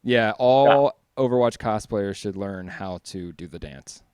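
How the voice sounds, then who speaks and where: A man's voice: fairly low pitch, animated, a little slow, darkish tone, clean tone, dry recording. A man co-hosting a casual chat show, easygoing and enthusiastic. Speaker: co-host.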